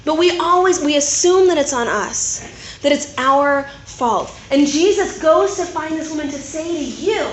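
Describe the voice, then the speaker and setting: A woman preacher speaking to a Christian women's group, chatty and animated, who keeps checking in with her listeners. Her voice sits a little high. The room is echoey with faint background noise. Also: unhurried. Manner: conversational, animated, keeps asking "right?". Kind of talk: sermon.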